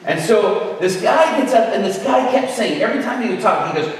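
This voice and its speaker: Man, middle-aged, high lively voice, comic sermon storytelling, distant mic, long hall reverb. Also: moderate pace, background noise. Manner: animated storytelling, acts out voices. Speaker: guest speaker. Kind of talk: humorous preaching story. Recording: echoey hall from far off.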